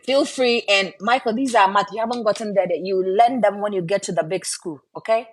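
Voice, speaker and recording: A woman's voice: mid-range voice, brisk. A woman and mother chatting on a live stream, encouraging viewers and often ending lines with "right?". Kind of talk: casual live-stream chat.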